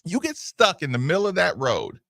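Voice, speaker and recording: A man hosting a casual radio talk show, telling animated, rambling stories and slipping into other people's voices. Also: on the high side, a little fast, creaky, no echo.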